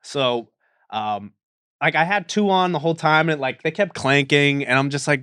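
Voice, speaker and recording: A man's voice: on the high side, moderate pace, sharp tone, clear, resonant tone, no echo, clean studio sound. A man guesting on a podcast, telling rambling laid-back stories full of fillers. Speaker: podcast guest, reality show contestant. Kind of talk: casual chat.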